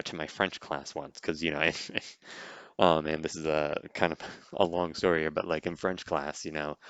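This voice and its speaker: A man's voice: very deep voice, fairly bright tone, no room sound, dull audio. A man hosting a podcast, giving a casual, rambling reaction commentary on a movie, with lots of "like" and "you know.". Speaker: podcast host.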